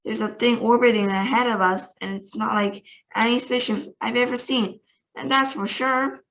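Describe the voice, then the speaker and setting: A woman's voice: fairly high pitch, fairly even intonation, moderate pace, a bit bright, voice pushed up, poor audio. A woman reading aloud, voicing an astonished male astronaut reporting from orbit. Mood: amazed. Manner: breathless, astonished.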